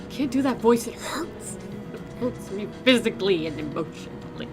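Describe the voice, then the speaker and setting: A woman's voice: medium pitch, expressive, moderate pace, music in the background. A young woman hosting a let's play, chatting in a goofy, joking way over a game. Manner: goofy, joking, breaks character. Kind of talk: casual game commentary.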